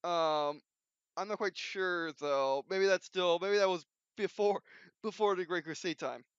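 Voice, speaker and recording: High, smooth-voiced man rambling on. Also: measured pace, no room sound. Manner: rambling, many restarts and fillers. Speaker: video host. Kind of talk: unscripted casual commentary. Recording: dull lo-fi recording.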